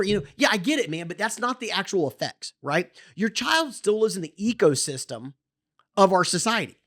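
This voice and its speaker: A podcast host delivers a heated, opinionated monologue. The pitch swings all over the place, lively and animated. Sentences keep restarting and stumbling over repeated words as the passion builds. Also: moderate pace. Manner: impassioned, gets worked up, many restarts and repeated words.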